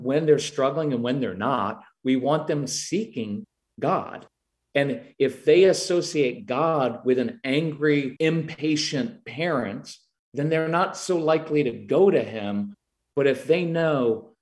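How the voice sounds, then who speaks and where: A man's voice: medium pitch, expressive, unhurried, a little mellow. Earnest middle-aged man giving parenting advice. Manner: earnest, acts out quoted lines to parents and kids. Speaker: parenting guest expert. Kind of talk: interview answers.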